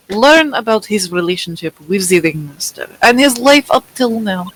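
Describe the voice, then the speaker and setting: A woman's voice: medium pitch, expressive, a little slow, a bit bright, rough recording. A woman voicing a haughty young female prosecutor with a stern, formal delivery.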